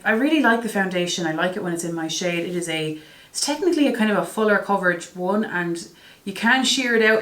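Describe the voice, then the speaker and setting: Chatty woman vlogger, slightly low voice, exasperated asides, roomy echo. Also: a bit bright. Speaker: beauty vlogger. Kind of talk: casual product review vlog.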